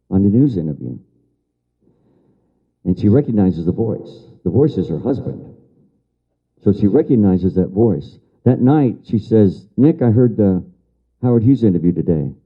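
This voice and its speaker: A man's voice: fairly low pitch, husky. Older man telling a story to an audience. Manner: repeats key phrases for emphasis; answers audience remarks. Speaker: lecturer. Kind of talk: storytelling lecture. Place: lecture room with audience. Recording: dull lo-fi lecture recording.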